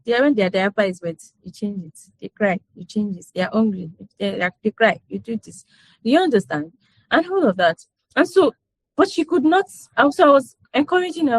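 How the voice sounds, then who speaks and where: A woman with a somewhat high voice talks in a loose, conversational way, repeating herself and checking that her listeners follow along. She laughs easily as she tells stories. The sound is dry and close, with no room around it. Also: expressive, moderate pace, dry recording. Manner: conversational, repeats herself, frequent "you know" and "do you understand"; laughs often while telling stories. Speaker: parent speaker in a parenting session. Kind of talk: casual talk to a group.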